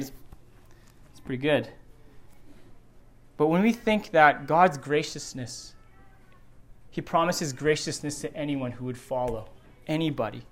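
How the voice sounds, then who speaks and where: Earnest middle-aged man preaching a sermon. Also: a little high. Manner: earnest, repeats phrases for emphasis, drops soft for quotes. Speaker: pastor. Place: church sanctuary.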